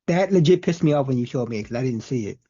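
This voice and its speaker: A man's voice: medium pitch, expressive, fast, mellow, muffled recording. A man co-hosting a podcast in casual chat, swearing and laughing often. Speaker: podcast co-host.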